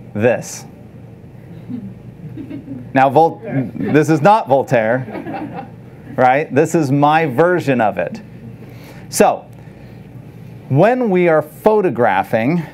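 A man teaching photography to a live audience, conversational and animated, often asking the room questions. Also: medium pitch, slight background noise. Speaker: photography instructor. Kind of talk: live workshop lecture.

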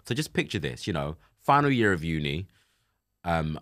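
A man in his twenties hosting a casual chat show, lively and laughing easily, and softer when he speaks of personal loss. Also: low voice, brisk. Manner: animated, laughs easily, turns soft and emotional when talking about grief. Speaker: podcast host. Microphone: studio microphone.

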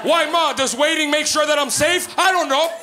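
A man in his thirties from Canada doing a stand-up comedy set in a club, telling stories in a profane, animated way. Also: very high voice, normal speed, background noise. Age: 30s. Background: live audience laughter.

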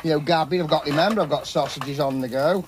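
At a campsite, a vlogger cooks outdoors while chatting in a matey, rambling way. His voice is fairly high and quick, over a noisy background.

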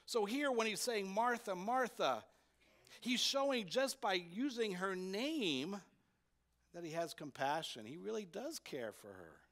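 A man's voice: high-pitched, sing-song, measured pace, a bit bright. A man, a pastor, preaching a sermon in church, emphatic and repeating his key points, often putting rhetorical questions to the congregation.

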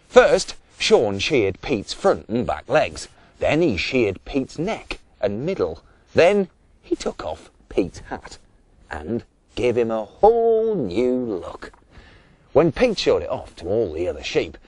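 A male storyteller reading a children's bedtime tale. He leans into every line with a very animated, lilting delivery and takes his time. The sound is close and dry, with no room echo. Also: on the low side, measured pace, husky. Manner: lively, expressive voices for each character.

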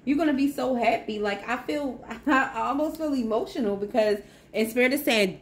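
A woman's voice: on the high side, brisk. A woman giving a casual spiritual tarot reading, effusive and encouraging, repeating phrases for emphasis. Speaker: tarot reader.

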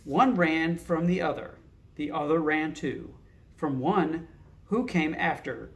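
A man's voice: fairly high pitch, slow pace, vocal fry. A man reading a picture book aloud, adding casual asides and thoughtful hums between lines. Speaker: narrator.

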